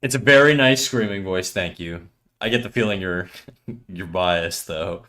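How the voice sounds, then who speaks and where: A man's voice: low voice, unhurried, bright, forceful tone. Playful man chatting while drawing. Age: 30s. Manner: joking, playful, often laughing. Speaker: livestreamer. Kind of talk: casual chat with viewers while drawing.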